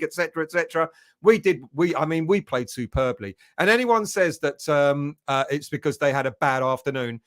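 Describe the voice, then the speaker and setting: A man's voice: fairly high pitch, fairly bright tone. A man hosting a football fan livestream, rambling and chatty as he greets viewers by name. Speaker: fan channel host. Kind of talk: casual livestream chat.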